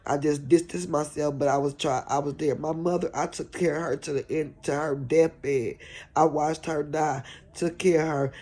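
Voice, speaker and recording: A woman's voice: low voice, fairly even intonation, moderate pace, warm tone. A middle-aged woman caregiver vlogging in an earnest, pleading, repetitive way about showing compassion. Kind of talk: heartfelt preachy vlog talk.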